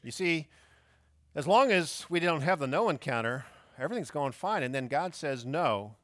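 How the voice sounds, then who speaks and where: A man's voice: fairly high pitch, lively intonation, moderate pace, a bit bright, dry recording, studio quality. A man preaching a sermon as pastor, emphatic and fond of rhetorical questions.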